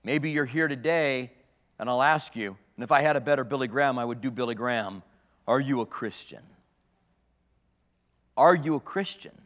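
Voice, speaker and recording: A man's voice: mid-range voice, fairly quick, a bit bright. A man preaching a sermon, reading scripture aloud and explaining it to his congregation. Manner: expository preaching with quoted scripture. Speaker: pastor. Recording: long reverb of a large hall.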